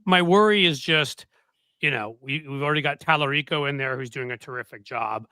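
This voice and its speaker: Bright, crisp-voiced man hosting. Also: on the high side, no room sound. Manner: sardonic, halting with repeated restarts. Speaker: podcast host. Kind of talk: casual political chat.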